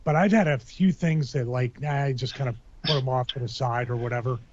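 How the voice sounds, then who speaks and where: A man's voice: medium pitch, fairly even intonation, brisk, background noise. A man chatting casually on a podcast, rambling and joking with many restarts. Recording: dull lo-fi sound.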